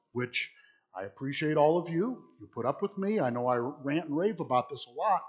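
Husky man teaching a Bible class. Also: a little high. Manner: conversational, asks the audience questions, rambling restarts. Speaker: preacher teaching a church class.

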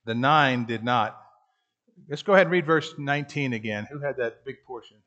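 A man's voice: mid-range voice, moderate pace, bright, forceful tone, dull audio. A man leading a Bible study class, teaching in a conversational way and asking the group questions. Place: room with a class.

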